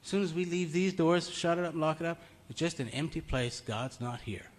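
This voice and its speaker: A man's voice: a little high, a little fast. Folksy man preaching conversationally. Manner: conversational, storytelling, chuckles often. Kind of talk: informal sermon. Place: meeting room.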